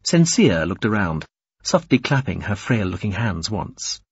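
A man narrating an audiobook in an expressive, varied reading. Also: lowish voice, a little slow, husky, no echo, lo-fi sound. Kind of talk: scripted narration.

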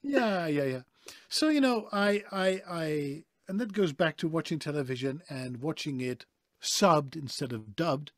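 A man's voice: on the high side, measured pace. A man with a hard-to-place European-English accent, telling stories animatedly as a voice actor guest on a video call interview. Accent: mixed European-English. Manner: animated, emphatic storyteller. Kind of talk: conversational interview.

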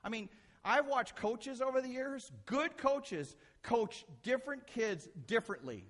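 Lively, animated male pastor preaching. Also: extremely high pitch, unhurried. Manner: animated, acts out quotes and shifts loud to soft. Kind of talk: sermon.

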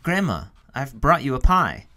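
A man's voice: lowish voice, sing-song, fairly quick, fairly bright tone. A man voicing a small, brave young girl in a children's storybook reading, with his voice raised to sound childlike.

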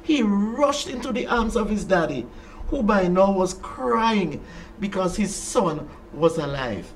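A children's storyteller speaks slowly and dramatically, leaning on repeated phrases and ending with a prayer. The pitch swoops in a lively way while the pace stays unhurried. It sounds caught from some distance, with a faint ambient hum behind it.

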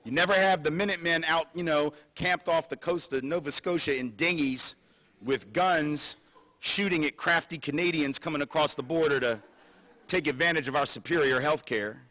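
A man giving a public university lecture in an animated, sarcastic, conversational way. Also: on the high side, normal speed. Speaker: guest lecturer.

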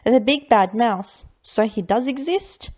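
A woman's voice: on the high side, lively intonation, measured pace, dull audio. A woman voicing a small, curious young female monster cub who sounds brave and wondering, in a sing-song storybook manner.

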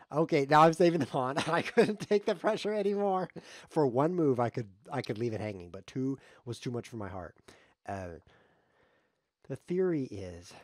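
A man's voice: on the low side, a little mellow, dry recording, studio quality. A man streaming live chess, commenting on his games in a sarcastic, joking way as he plays. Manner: sarcastic, joking, talks to himself while playing.

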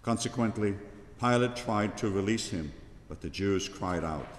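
A man narrating the Passion in a steady, measured liturgical reading in a large church. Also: lowish voice, a little hiss or hum. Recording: echoey church with long reverb.

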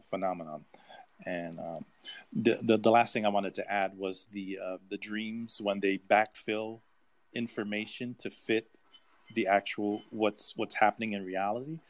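Male audience member, lowish voice, halting personal account. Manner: hesitant, many fillers and stammered restarts.

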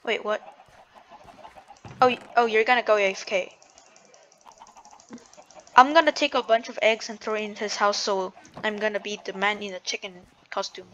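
A woman chats her way through a block-building game, thinking aloud and interrupting herself. Her voice sits at an everyday middle pitch. Her words are peppered with "like". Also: steady tone, normal speed, long pauses, a bit bright, dull audio, a little hiss or hum. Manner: chatty, hedging with "like", self-interrupting. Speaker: gamer and video creator. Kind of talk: casual gameplay commentary.

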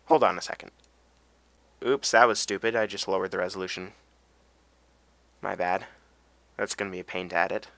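A man's voice: on the low side, gravelly, pushed and bright, dry recording. A tired young man rambling through casual game commentary, with self-deprecating asides and a voice that cracks now and then. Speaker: let's play gamer.

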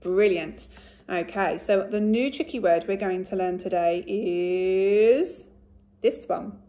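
A woman teacher giving a recorded phonics lesson to young children, speaking slowly and clearly and praising often. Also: medium pitch, warm tone. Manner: slow, clear and encouraging, with much praise. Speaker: primary school teacher.

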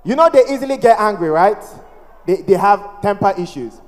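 A male comedian with a Ghanaian accent telling a stand-up story, lively and playful, slipping into mimicked voices. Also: high voice, normal speed. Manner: animated, mimics voices, playful pidgin-flavored delivery. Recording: long reverb of a large hall.

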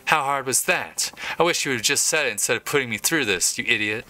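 A man voicing a sharp-tongued young woman who teases her shy sweetheart. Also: expressive, fast. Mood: teasing. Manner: raised-pitch reading of a female role.

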